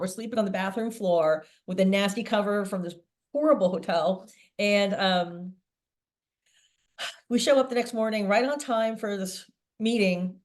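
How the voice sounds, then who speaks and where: A middle-aged woman, a sales veteran interviewed as a guest, telling a long anecdote in a lively way. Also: medium pitch. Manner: lively storyteller, acts out quoted voices.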